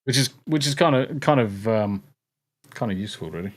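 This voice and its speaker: A man's voice: fairly low pitch, animated, brisk. A man hosting a casual podcast, rambling through his backlog and swearing freely, with an air conditioner crackling behind him. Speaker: podcast host. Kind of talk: casual chat.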